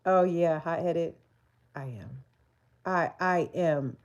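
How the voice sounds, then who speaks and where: A livestreamer in her forties speaks slowly in a lowish voice, and the audio sounds dull. Candid and chatty, she laughs often and answers back to her chat during this casual stream.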